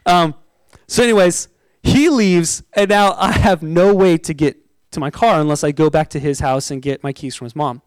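High, clear-voiced young preacher. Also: male voice, moderate pace, no echo, poor audio. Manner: animated, chatty storytelling with frequent "like" and laughter. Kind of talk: sermon with personal storytelling.

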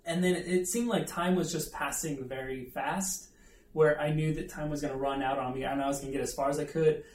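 A man with a rather high, darkish voice preaches a conversational sermon, telling a self-deprecating story with asides to the audience. The room is echoey and the mic is distant.

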